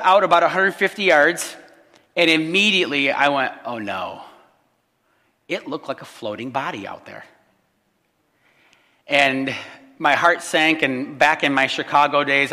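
Animated preacher in a reverberant hall. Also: male voice, on the high side. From Illinois. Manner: animated storyteller, acting out quotes, swings from loud to hushed. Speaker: pastor. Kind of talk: sermon storytelling.

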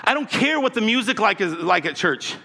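A man's voice: high voice, lively intonation, fairly quick, gravelly, pushed and bright. A male pastor preaching an impassioned, emphatic sermon and calling for responses from his congregation. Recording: long reverb of a large hall.

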